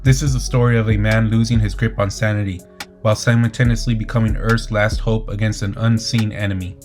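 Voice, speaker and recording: A man narrating a comic book story recap in a steady, dramatic scripted delivery. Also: lowish voice, brisk. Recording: faint music underneath.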